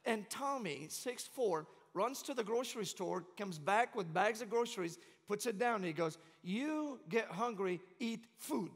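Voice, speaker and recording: A man's voice: sits high, expressive, normal speed, few pauses. A middle-aged man with a Syrian accent, preaching a sermon with passion and humor in a large church sanctuary. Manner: passionate, joking storyteller. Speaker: guest preacher. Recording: long church reverb.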